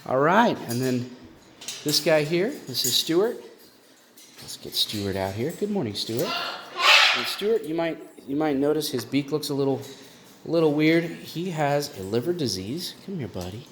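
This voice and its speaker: A man walking through the bird room in his house. He gives a casual vlog tour with lots of fillers and restarts, and coos at his birds in high baby talk. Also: sing-song, moderate pace. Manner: chatty, with many fillers and restarts. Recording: constant room noise with clicks.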